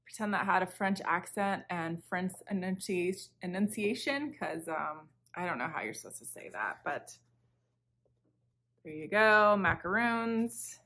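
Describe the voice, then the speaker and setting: Speaking from home on her crafting podcast, a woman with a lowish, somewhat bright voice talks at a moderate pace with lively intonation and hardly any pauses. She sounds a little sick, still recovering from illness, and her casual talk rambles and breaks off as she interrupts herself. A camera for a video podcast picks her up.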